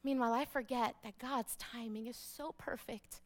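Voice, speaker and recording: A woman pastor preaching a sermon, emphatic, repeating key phrases and dropping to a hush for weight. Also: a little high, steady tone, moderate pace.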